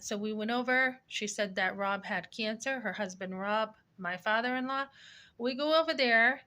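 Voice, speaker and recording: A woman's voice: a little high, unhurried, bright, forceful tone. A woman from New Hampshire telling a personal story to her viewers in a rambling, defensive way, with lots of fillers and quoted back-and-forth. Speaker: vlogger. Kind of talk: casual personal rant.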